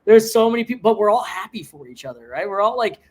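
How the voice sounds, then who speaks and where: Profane, animated Canadian man hosting. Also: fast. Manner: profane, animated storyteller with big pitch swings. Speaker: podcast host. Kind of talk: casual chat.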